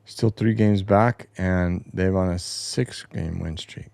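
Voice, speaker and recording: Hosting a casual solo sports show from his home basement, a man talks through the standings and schedule, rambling, opinionated, and swearing some. His low, creaky voice has a darkish tone and a slow pace. The sound is dry and close with no echo.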